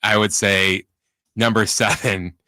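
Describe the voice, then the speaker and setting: A man's voice: on the low side, flat delivery, slow pace, pushed and bright. A man co-hosting a casual sports talk radio show with dry, understated asides. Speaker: radio co-host.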